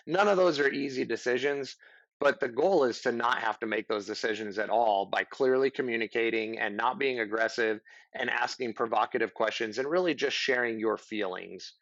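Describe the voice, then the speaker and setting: A man's voice: mid-range voice, brisk, a bit bright, no room sound. Earnest rambling man, dry dull sound. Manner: earnest, rambling, acts out example dialogue. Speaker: podcast guest. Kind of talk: casual conversational advice.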